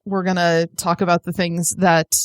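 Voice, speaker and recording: A woman's voice: fairly low pitch, level tone, normal speed, no room sound, studio quality. A woman who is an iOS developer, a guest chatting casually on a podcast and laughing easily.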